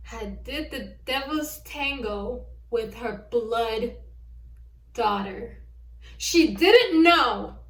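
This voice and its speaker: A woman vlogger recapping a film in a casual review, telling it with exasperated disbelief. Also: on the high side. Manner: exasperated, incredulous storytelling. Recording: echoey room, distant mic.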